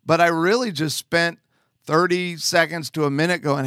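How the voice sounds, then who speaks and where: A man's voice: a little high, steady tone, normal speed, fairly bright tone, clear, resonant tone, no echo, studio quality. A man earnestly telling a personal testimony as a father, conversational with emphatic asides.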